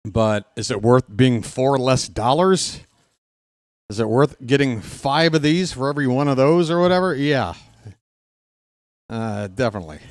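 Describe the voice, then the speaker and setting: A man's voice: medium pitch, expressive, measured pace, no room sound. A man hosting a casual live-stream watch-along, chatty and joking, reading chat aloud, out of breath.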